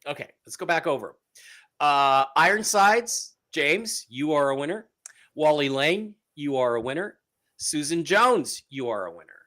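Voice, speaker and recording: A man's voice: a little high, moderate pace. A man hosting a live-streamed talk show, reading out giveaway winners in a casual, repetitive way with many fillers. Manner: animated, repeats phrases, many fillers. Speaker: show host.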